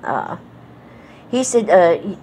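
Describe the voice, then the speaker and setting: A middle-aged New England vlogger reminisces slowly and very animatedly, her lowish voice mellow against slight background noise. Her talk is folksy and rambling with many fillers, carried by an accent blending Southern and Northern American.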